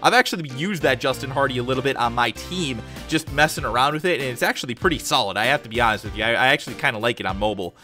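A young man, a gaming YouTuber, commenting on card pack openings in a casual, excited way and shouting with joy at big pulls. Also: medium pitch, racing, few pauses, faint music behind. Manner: hyped, exclaims loudly at big pulls; casual, says dude and guys a lot.

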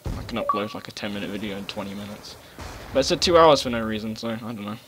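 A man giving casual live commentary over his gameplay, rambling, swearing and breaking into loud outbursts. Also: lowish voice, fast. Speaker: gaming commentator. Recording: game gunfire noise behind voice. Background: gunfire and explosions from the game.

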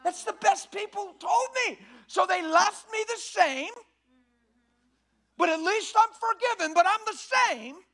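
A male preacher with a strikingly high voice delivers a sermon in a church. His tone is bright and forceful, and his delivery is folksy and emphatic, swelling into shouts. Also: measured pace.

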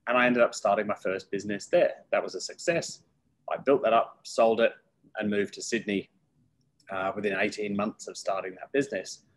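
Guy, low husky voice, chatty storyteller on an interview, does little voices for people he quotes. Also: moderate pace, poor audio. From United Kingdom. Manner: lively storyteller who acts out quoted voices. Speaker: guest.

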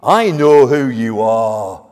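A man voicing a frightened male demon that cries out loudly in startled, trembling fear. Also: mid-range voice, animated, takes it slowly. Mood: fearful astonished. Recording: long church reverb.

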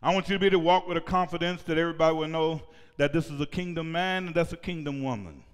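A male pastor preaching a sermon in a church, shouting at times and leading call-and-response with the congregation. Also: on the high side, fast talker, smooth. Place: church sanctuary. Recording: reverberant church hall.

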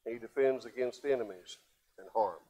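An older man, a pastor, preaching a sermon, swinging from loud emphatic passages to low quiet asides. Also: normal speed, slightly rough.

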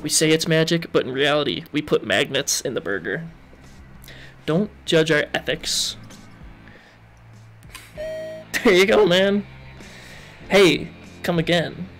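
A man's voice: fairly high pitch, takes it slowly, long pauses, fairly bright tone, faint music behind. A young man giving playful, joking let's-play commentary as he works through a game. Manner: playful, jokey, chatty with game characters. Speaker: gaming video host.

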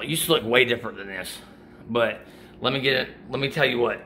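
Speaking at a quick pace, a middle-aged vlogger with a medium-pitched, bright, forceful voice chats casually about workout gear and supplements over slight background noise. He's breathless after his workout, so he rambles and keeps restarting sentences while giving supplement advice.

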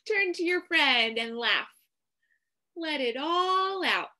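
A woman teacher reading a picture book aloud to young children, slow and animated. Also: high-pitched.

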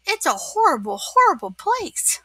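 A woman's voice: extremely high pitch, wildly swooping pitch, normal speed, dry recording, pitched above the performer's own voice, exaggerated voice. A woman doing a goofy, dim starfish. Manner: goofy, sudden loud outbursts. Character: dim-witted cheerful male starfish.

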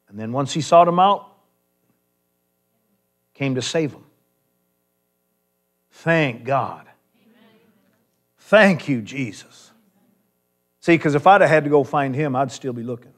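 Joking pastor man preaching a sermon. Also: a little high. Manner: storytelling, jokey asides. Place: church sanctuary.

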